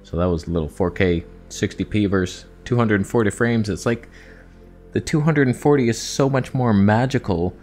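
A young man talking casually in a vlog, animated, swearing and talking to himself as he reviews cameras. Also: fairly low pitch, normal speed, faint music behind.

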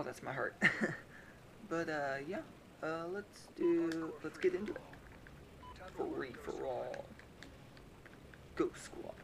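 A young man chats loosely through a shooter game, joking with his viewers in a slightly high voice. His tone has a gravelly crackle, and a steady noise hiss sits under the recording. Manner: playful, jokey, puts on silly voices. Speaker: gaming YouTuber. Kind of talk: casual let's-play commentary.

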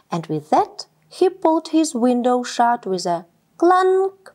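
Woman storyteller for children's read-aloud; slow, high and expressive.

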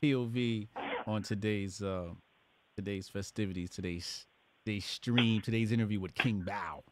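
A man's voice: on the low side, fairly even intonation, normal speed, background noise. Laid-back man hosting a livestream. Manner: laid-back, laughs often, drops to a mutter. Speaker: host. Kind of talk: casual livestream chat.

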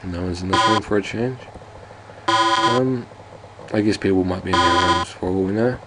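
Low-voiced man giving dry game commentary. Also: fairly even intonation, moderate pace, heavy background noise. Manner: dry, joking asides. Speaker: let's play host. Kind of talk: let's play commentary.

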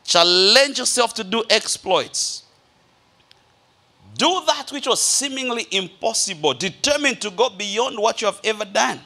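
High-pitched, bright-voiced male pastor preaching. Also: animated, unhurried, gravelly. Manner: emphatic preaching with repetition, addresses congregation as beloved. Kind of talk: sermon. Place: church service before a congregation.

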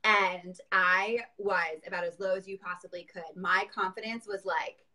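A middle-aged woman, a former competitive swimmer, chatting as an interview guest and telling lively stories with a lot of laughter. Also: medium pitch, normal speed, rough recording. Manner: animated storytelling with frequent laughs. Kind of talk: casual interview chat.

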